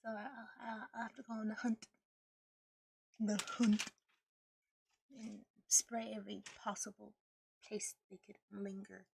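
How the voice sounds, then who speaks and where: A young woman streamer chatting casually with her viewers, bubbly and giggly, with a slightly rough morning voice. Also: medium pitch, little pitch movement, normal speed, darkish tone, a little hiss or hum. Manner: bubbly, giggly, greets chat one by one. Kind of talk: casual live-stream chat.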